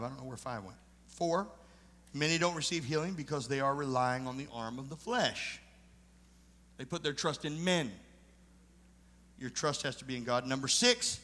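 A male pastor preaching a sermon and telling a personal testimony in an earnest storytelling way, emphatic in places and hushed in others. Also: medium pitch, in a large hall.

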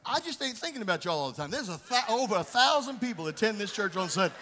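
A male pastor preaches a blunt, scolding sermon in a very high, forceful voice. He swings from plain talk to bursts of shouting. His words ring out in a long church reverb. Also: big pitch swings, quick pace.

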